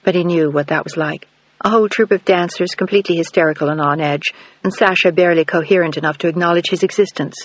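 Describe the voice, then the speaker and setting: A man reading a novel aloud as an audiobook narrator, with steady, even storytelling. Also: fairly high pitch, quick pace, dry recording. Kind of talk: scripted narration. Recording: dull, dry studio recording.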